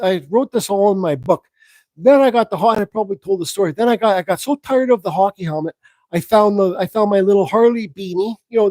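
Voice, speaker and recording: A man with a fairly high voice rambles through a story on a live stream, frank and loose with his swearing. The sound is close and dry, with no room around him. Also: darkish tone, dry recording, low-quality recording. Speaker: woodcarving channel host.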